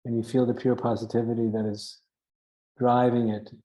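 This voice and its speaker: Earnest man with a flat, mellow voice. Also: medium pitch, normal speed, rough recording. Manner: earnest, emphatic, repeats phrases for stress; self-mocking chuckles now and then. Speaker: spiritual teacher. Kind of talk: spiritual teaching talk.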